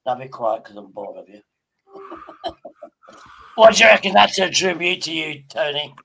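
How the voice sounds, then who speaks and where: Brief: gravelly-voiced male streamer, teasing and deadpan, stumbling through restarts. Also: a little high, moderate pace, slight background noise, rough recording. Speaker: streamer host. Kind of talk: casual stream banter.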